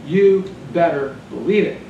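A male pastor giving a sermon, telling a story in an animated way, recorded from a distance in an echoey church hall with noise behind. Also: a little high, unhurried, vocal fry, narrow, tinny audio. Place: church sanctuary.

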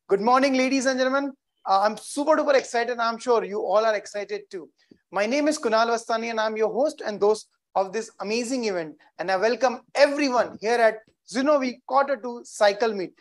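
A man's voice: extremely high pitch, a little fast. A man with an Indian accent hosting a virtual corporate event, cheering the audience on with energy and repeating rallying phrases. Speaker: event host.

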